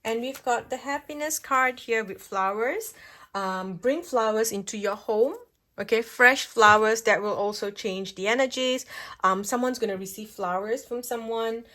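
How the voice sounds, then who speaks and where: Seated at a table with her cards at home, this tarot reader talks through a pick-a-card reading in a warm, chatty manner, frequently asking "okay?" to check in. She speaks at normal speed in a slightly high voice that sounds pushed and bright.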